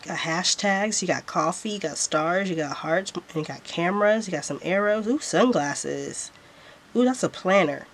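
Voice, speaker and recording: A woman's voice: lowish voice, expressive, normal speed, a little hiss or hum. A woman vlogger showing off planner stickers in a casual haul, gushing and repeating how cute everything is.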